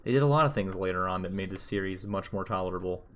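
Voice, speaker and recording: A man's voice: low voice, fast talker, fairly bright tone, a little hiss or hum. A young man streaming a video game, rambling and joking casually, swearing freely, with keyboard typing nearby. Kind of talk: casual gameplay commentary.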